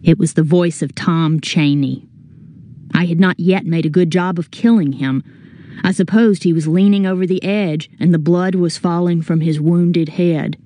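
A woman narrating a story as an audiobook reader, in a measured, earnest first-person telling. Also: fairly low pitch, dark tone.

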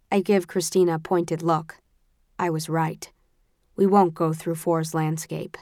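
A woman narrating a first-person audiobook with a tense, expressive storytelling manner. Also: low-pitched, measured pace, dry recording, clean studio sound.

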